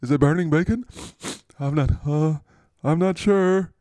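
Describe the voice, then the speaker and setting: A man voicing a dazed, concussed male football player who talks in halting, bewildered questions. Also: fairly high pitch, dark tone, no echo, pitched above the performer's own voice, lightly acted. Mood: confused.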